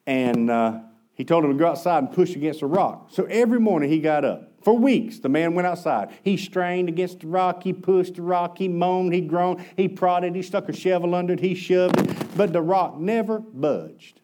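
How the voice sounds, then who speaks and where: A man with a high-pitched voice preaches a sermon. He tells homespun stories in a lively, folksy way, dropping quick asides as he goes. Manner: folksy, animated storytelling with asides. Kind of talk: sermon storytelling.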